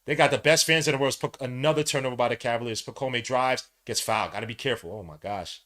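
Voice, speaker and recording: A man, hosting a fan podcast and calling a live game, swinging from low muttering to loud shouting, full of slang. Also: quick pace. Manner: heavy slang, calls out plays between asides. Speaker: podcast host. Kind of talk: live fan watch-along commentary.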